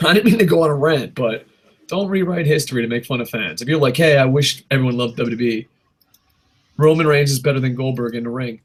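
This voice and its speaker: A man's voice: mid-range voice, brisk. A man hosting a casual podcast, ranting in a rambling, profane way and laughing at his own jokes. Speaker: podcast host. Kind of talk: casual wrestling podcast rant.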